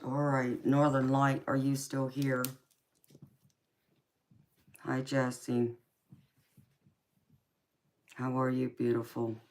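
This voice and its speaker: A woman reading tarot on a live stream, chatting casually with viewers and calling them sweetheart and honey, murmuring quietly as she tidies her cards. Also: rumbling low, monotone, drawn-out words, pauses often.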